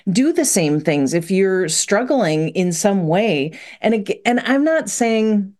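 A woman's voice: medium pitch, lively intonation, slow, a little mellow. A woman guest on a talk show, explaining her view thoughtfully with lots of 'you know' and restarts. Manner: thoughtful, many fillers and restarts. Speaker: mindfulness guest expert. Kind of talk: conversational interview.

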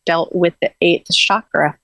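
A woman with a lowish voice talks earnestly and loosely about inner growth, restarting her sentences as she goes. The sound is dry and close, with little room around her. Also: fairly even intonation, a little slow, vocal fry, fairly bright tone, no echo, poor audio. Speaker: guest. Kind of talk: casual spiritual talk.

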